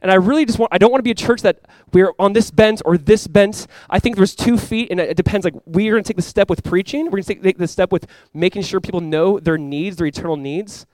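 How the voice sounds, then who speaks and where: A young man preaching a sermon to his church in a casual, conversational way, with sudden loud bursts and quiet asides. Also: sits high, fast, hardly any pauses, no room sound. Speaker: pastor.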